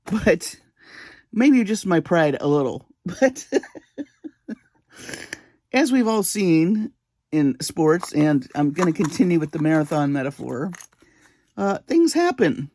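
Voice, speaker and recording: Vlogging from her home bead room at three in the morning, this jewelry-making channel host tells a self-deprecating, chatty story and keeps breaking into laughter. Her lowish, warm voice is sing-song and slow, pausing often, with slight background noise.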